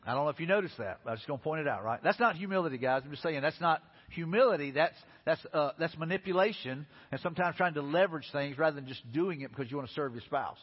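A man's voice: on the high side, expressive, fast, few pauses, slightly rough. A man preaching a sermon as pastor in a casual, conversational way, talking straight to the congregation. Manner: casual, conversational preaching with lots of "hey, listen" and "you know". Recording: long hall reverb, dull lo-fi sound.

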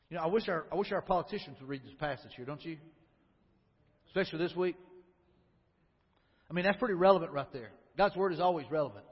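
High-voiced preacher in an echoing hall. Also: male voice, husky. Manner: conversational preaching with rhetorical questions. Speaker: pastor. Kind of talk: sermon. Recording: lo-fi recording with long hall reverb.

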